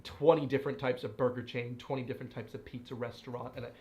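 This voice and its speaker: A man's voice: medium pitch, flat delivery, fast talker, dark tone. A young American man living abroad, giving playful, exaggerated complaints in a comedic vlog. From United States.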